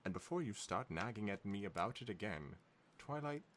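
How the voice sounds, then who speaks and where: A man's voice: on the low side, animated, normal speed, fairly bright tone, a little hiss or hum. A man voicing a haughty, fancy female pony fashionista in a put-on, vaguely British accent, reading fan fiction aloud in a prim, fussy manner. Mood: scolding.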